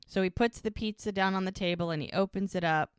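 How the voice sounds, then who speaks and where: A woman's voice: medium pitch, fast, clear, resonant tone, no echo, clean studio sound. A woman co-hosting a rewatch podcast, retelling the scenes in casual chat and briefly putting on little voices for the characters' lines. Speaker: podcast co-host recapping episodes.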